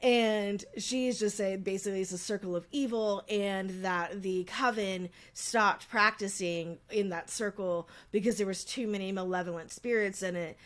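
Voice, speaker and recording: A woman's voice: mid-range voice, fairly even intonation, normal speed, few pauses. Chatty woman co-hosting a podcast. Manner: chatty storytelling, frequent fillers. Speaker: podcast co-host. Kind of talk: casual chat.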